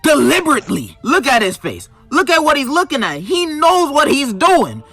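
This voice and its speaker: A man gives comedic commentary in a high, bright voice that swings wildly in pitch. He sounds sarcastic and mock-outraged, speaking, while music plays faintly behind him. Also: wildly swooping pitch, moderate pace, gravelly. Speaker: video narrator reviewing a book.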